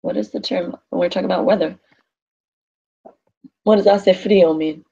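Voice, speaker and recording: A woman's voice: fairly low pitch, steady tone, normal speed, creaky, dark tone, husky, highs cut off. A woman teaching a Spanish class in a classroom, thinking aloud and quizzing her students.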